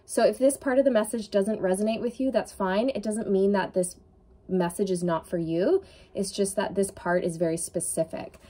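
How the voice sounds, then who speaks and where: Woman tarot reader, earnest, emotional, lots of fillers, mid-pitched voice. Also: fairly even intonation, moderate pace, mellow. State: tearful at times. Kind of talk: intuitive tarot reading to camera.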